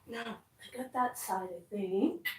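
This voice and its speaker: A woman's voice: mid-range voice, slow, darkish tone, recorded from a distance. A woman vlogger chatting casually to camera, reading out viewer comments and reacting bluntly, swearing when annoyed. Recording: roomy, from away from the mic.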